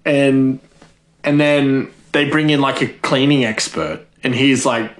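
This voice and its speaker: A man's voice: medium pitch, fairly even intonation, slow pace. A man rambles through a comedic monologue in a loose, chatty way. He piles on fillers and breaks into laughter at his own jokes. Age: adult.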